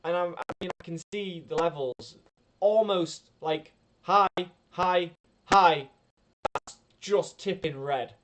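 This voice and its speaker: A man, rambling and talking a bit louder than usual in a casual tech review vlog, recorded at home through a built-in webcam microphone with poor audio. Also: high-pitched, slow pace, a little hiss or hum. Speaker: YouTuber reviewing gear. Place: home room near a computer tower.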